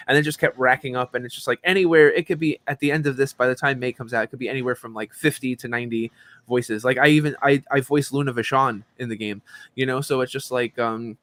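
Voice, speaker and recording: A fast-talking man in his forties, a voice actor who is also a professor, animatedly recounts stories as a podcast guest in casual interview chat, saying "um" and "like" a lot. His pitch is medium and the recording has no echo.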